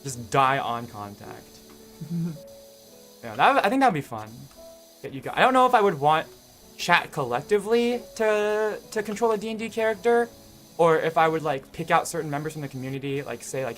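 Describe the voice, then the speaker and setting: A man's voice: on the high side, sing-song, moderate pace, a bit bright, soft background music. A young man chatting with his live-stream viewers in a casual, rambling way, full of fillers and restarts.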